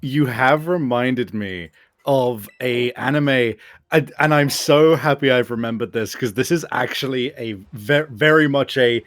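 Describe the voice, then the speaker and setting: A man chatting casually, excited and tripping over his words. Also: mid-range voice, unhurried, no echo, studio quality. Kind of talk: casual chat.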